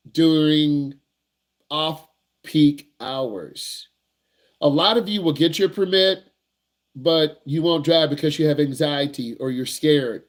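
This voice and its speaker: Guy driving teacher, kinda high voice, real-talk slangy advice, keeps repeating himself. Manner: blunt, repetitive, slangy advice. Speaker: driving instructor. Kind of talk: casual teaching talk to young drivers.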